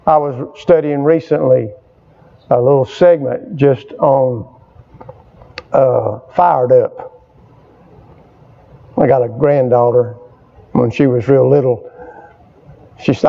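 Slow and full of long pauses, an older man's mid-range voice carries vocal fry as he preaches, urging his responding congregation to say amen and hammering his points through repetition. The audio is a dull lo-fi capture.

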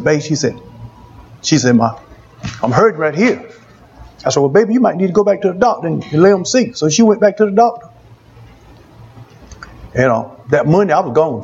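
A man's voice: a little high, a little mellow, husky, lo-fi sound. A man preaching a testimony sermon, repeating phrases for emphasis.

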